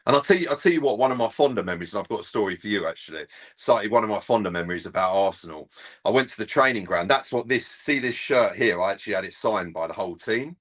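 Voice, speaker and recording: Bloke, middle-aged, a bit low voiced, telling a story and doing all the phone voices. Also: male voice, expressive, quick pace, a bit bright. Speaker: presenter and fan-channel regular. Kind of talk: casual chat, storytelling.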